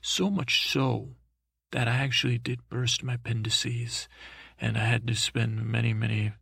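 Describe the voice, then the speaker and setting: Guy doing a dopey boy prince rambling through a story, gravelly husky voice, dead dry sound. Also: medium pitch, steady tone, sharp tone, no echo. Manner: halting, full of restarts and mixed-up names. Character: dim, timid boy prince telling a tale. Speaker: comedic storyteller.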